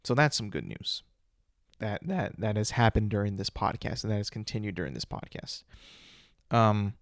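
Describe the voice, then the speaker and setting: A man's voice: on the low side, lively intonation, normal speed, dry recording, clean studio sound. A man hosting a solo podcast, ranting bluntly with lots of swearing and repeated words. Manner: blunt, profane, repetitive ranting. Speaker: podcast host.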